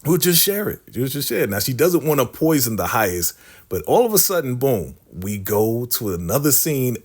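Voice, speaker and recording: A man's voice: medium pitch, husky. A man giving a casual TV episode recap, chatty, laughing often and addressing his viewers. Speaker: TV recap vlogger.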